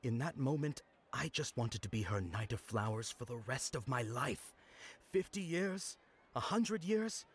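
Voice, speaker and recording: An actor playing a bashful, earnest young knight who speaks hesitantly in game dialogue. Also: male voice, medium pitch, expressive, measured pace, husky. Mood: lovestruck. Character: shy young male knight, earnest and lovestruck.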